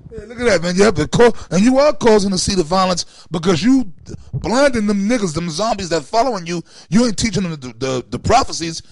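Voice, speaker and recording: Brief: high, gravelly man, dry close sound, animated joker. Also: a little fast, dry recording, rough recording. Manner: animated, joking, mocking imitations. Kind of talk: casual scripture discussion.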